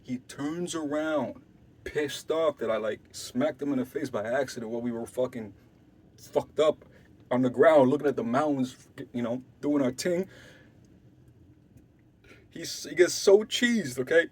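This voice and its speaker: A man's voice: mid-range voice, unhurried, husky. A young man from Canada telling a wild story in casual slang, swearing freely and acting out other people's lines. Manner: animated, swearing, acts out quotes loudly and softly.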